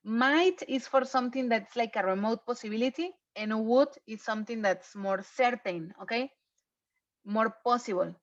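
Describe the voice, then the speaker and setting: A woman teaching an online English review class, patiently checking in with her students. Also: fairly high pitch. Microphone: video call. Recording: muffled lo-fi online class audio.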